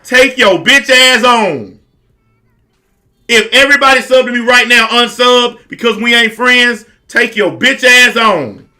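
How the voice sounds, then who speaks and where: Forceful high-voiced man ranting angrily. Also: unhurried. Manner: aggressive, confrontational, blunt; repeats lines for emphasis. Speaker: online commentator. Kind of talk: profane rant to camera.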